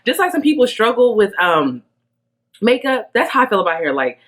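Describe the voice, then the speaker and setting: A woman's voice: fairly high pitch, sing-song, a little fast, a bit bright. A young woman chatting casually to camera in a vlog, rambling and laughing often. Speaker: beauty vlogger.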